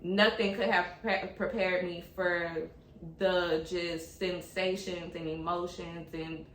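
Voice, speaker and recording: A woman's voice: fairly low pitch, little pitch movement, slow, a bit bright, echoey room, poor audio. Chatty young woman. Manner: candid, chatty, addresses viewers as y'all. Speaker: vlogger sharing her birth story. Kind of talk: casual personal storytelling to camera.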